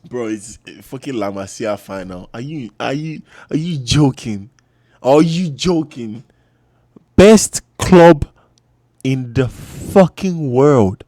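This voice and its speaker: A man's voice: mid-range voice, slow, no room sound, clean studio sound. Swearing, hyped-up male football fan. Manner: loud, swearing, shouting, laughing bursts; trash-talking, animated. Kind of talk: excited fan reaction.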